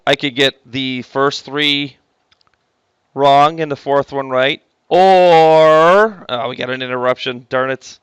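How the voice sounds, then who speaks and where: A man's voice: a little high, pushed and bright, clean tone, dry recording. A man teaching math to a class, joking with the students and stopping often to correct himself. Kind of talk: classroom lecture.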